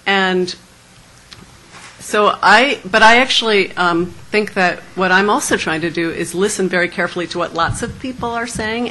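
A woman's voice: fairly low pitch, bright, forceful tone, a little hiss or hum, low-quality recording. A woman artist thoughtfully explaining her work at a panel discussion, hesitant and laughing lightly.

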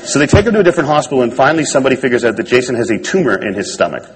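A man's voice: mid-range voice, very animated, racing, husky, rough recording. A man on stage telling a personal story to an audience in a wry, self-deprecating way. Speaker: speaker giving a talk.

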